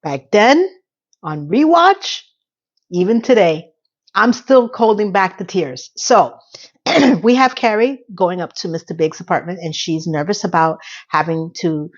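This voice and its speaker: A woman's voice: animated, measured pace, highs cut off. A woman chatting casually through a TV episode recap, acting out the characters' quotes as she goes. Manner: chatty, acts out quotes with shifting pitch. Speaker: recap host.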